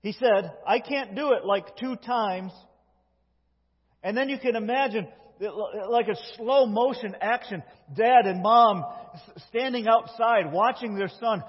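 A male pastor delivers a sermon with a high, slightly husky voice, pressing his points with emphatic force. His voice rings through a church sanctuary with long reverb. The recording sounds dull and lo-fi. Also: slow. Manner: emphatic preaching, swings between loud and hushed.

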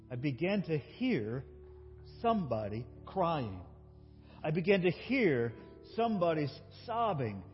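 A man preaching a sermon as a pastor, telling a story and swinging between loud emotional peaks and soft, quiet passages. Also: on the high side, big-room sound, lo-fi sound. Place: church.

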